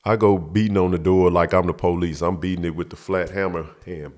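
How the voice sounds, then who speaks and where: A man's voice: low-pitched, normal speed, darkish tone. A man hosting his show, telling a story from his youth in a profane, emphatic way, acting out the scene. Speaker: show host. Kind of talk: storytelling monologue.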